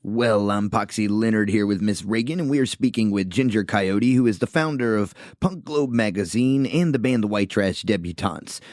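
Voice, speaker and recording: A man with a low voice co-hosts a casual podcast and asks questions that wander and restart. His voice is close and dry, with no room echo. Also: moderate pace, hardly any pauses, a little mellow. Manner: hesitant, loosely phrased questions. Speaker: podcast co-host.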